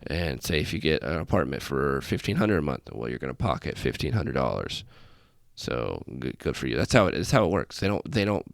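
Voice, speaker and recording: An airman and podcast host talks alone in an extremely low, creaky, sing-song voice at a fairly quick clip, rambling, belittling himself, and drifting into tangents. He sits in a small room hung with festive lights, at a desk setup in front of his laptop. There's no room sound, just clean studio audio.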